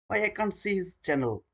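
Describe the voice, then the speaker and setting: A man's voice: sits high, vocal fry, breathy edge. A man hosting a live trading stream, talking to his viewers in an earnest, informal way.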